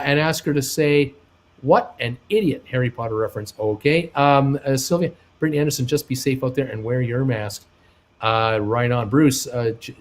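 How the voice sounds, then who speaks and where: A man in the middle of his vocal range hosts a live travel chat stream. He reads out viewer comments in a loose, friendly way, pausing often with "uh" and "um". He turns upbeat and pleading when he asks for thumbs ups. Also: mid-range voice. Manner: hesitant, many uh and um fillers. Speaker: live show host reading chat.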